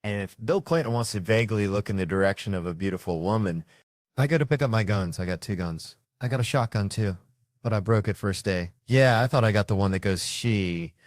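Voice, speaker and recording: A man with a fairly low voice spins rambling, profane comic anecdotes and voices the other people in them. The sound is dry and close, with almost no room in it. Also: fairly quick, no echo. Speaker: comedian telling stories. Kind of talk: stand-up storytelling.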